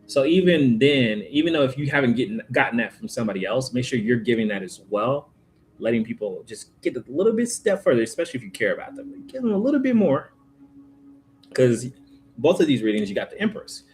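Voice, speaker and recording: A man's voice: medium pitch, big pitch swings, brisk, slight background noise. A man giving a casual, informal tarot reading to his viewers, chatty and full of slangy asides. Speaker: tarot reader.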